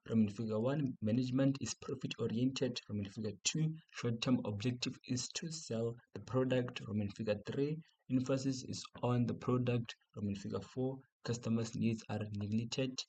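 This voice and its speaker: A man's voice: mid-range voice, normal speed, few pauses, warm tone, poor audio. A man from South Africa with a South African accent, going through exam questions as a teacher, repeating key points and asking and answering his own questions. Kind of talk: exam revision lesson.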